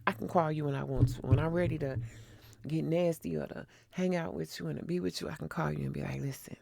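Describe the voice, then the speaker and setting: A woman's voice: deep voice, fairly even intonation, fast talker, vocal fry, dark tone. A middle-aged woman hosting her own channel, telling a frank, blunt story in casual chat while doing her skincare. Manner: frank, blunt, laughs often. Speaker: vlogger host.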